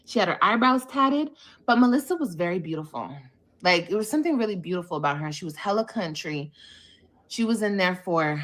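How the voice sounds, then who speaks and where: A woman from California, hosting a livestream podcast and telling a story in a casual, animated, profane way. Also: lowish voice, fairly quick. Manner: animated, profane, switches voices when quoting others. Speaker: podcast host.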